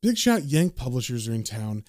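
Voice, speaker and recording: A man voicing a teasing, affectionate young woman artist from a comic, read aloud in a casual, lightly lowered voice. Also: sing-song, moderate pace, darkish tone, dry recording, studio quality, natural voice.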